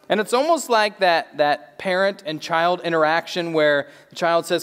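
Male pastor, high voice, earnest and halting sermon delivery, reverberant sanctuary. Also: fairly bright tone, clean tone. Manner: earnest, conversational, often repeats words as he restarts. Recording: long hall reverb.

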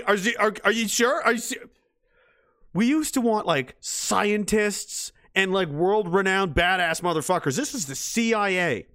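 A man with a notably high voice rants in mock outrage, playing a gruff spy-agency boss reacting to a clip. His talk is profane and sarcastic, rambling and full of restarts. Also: fairly bright tone. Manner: rambling with frequent restarts and fillers. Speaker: commentator.

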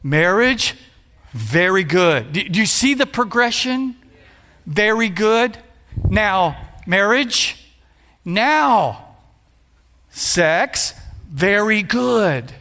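Pastor, man, 50s, lively sermon with shouted peaks, gravelly edge to the voice. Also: high voice, extremely slow, long pauses. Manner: preachy, playful, builds to shouts. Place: church sanctuary. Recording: long hall reverb.

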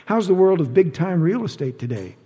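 A man's voice: high-pitched, big pitch swings, brisk, mellow, long reverb tail, highs cut off, pitched above the performer's own voice. A man reading an audiobook, voicing a sly divorced woman who talks in a sugary, teasing, falsely innocent way.

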